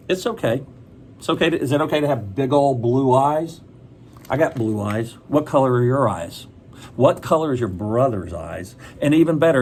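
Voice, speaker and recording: A man's voice: mid-range voice, a little mellow, a little hiss or hum. A man reading a picture book aloud to children, chatting and asking them questions as he goes.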